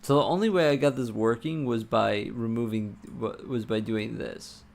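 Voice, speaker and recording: A man livestreaming while he codes, muttering to himself, swearing and breaking into excited bursts, with keyboard typing behind him. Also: medium pitch, normal speed, creaky. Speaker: livestreamer coding a game. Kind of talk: casual live-coding stream talk.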